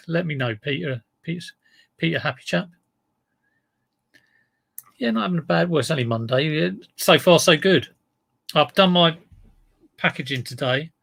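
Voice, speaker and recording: A man's voice: fairly high pitch, creaky, a bit bright, no echo. Chatty man greeting viewers. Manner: chatty, greeting viewers by name, rambling asides. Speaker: online reseller streaming live. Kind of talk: casual live-stream chat. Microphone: desk mic in front of him.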